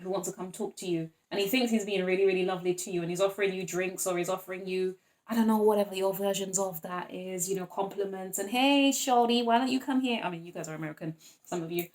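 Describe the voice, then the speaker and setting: A woman giving a casual tarot reading to her viewers, chatty and animated, acting out little scenes and laughing often. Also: lowish voice, fast. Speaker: tarot reader.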